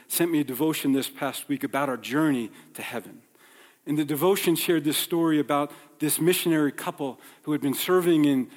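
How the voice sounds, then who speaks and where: Pastor with a slightly high voice. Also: male voice. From New York. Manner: conversational, acts out dialogue in stories. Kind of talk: sermon with personal storytelling. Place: church sanctuary. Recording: long hall reverb.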